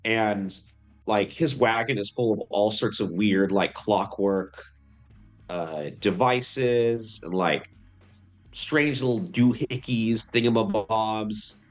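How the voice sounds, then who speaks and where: Low-voiced rambling game master. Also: male voice, takes it slowly, faint music behind. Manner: rambling, full of fillers. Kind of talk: narrating a tabletop game.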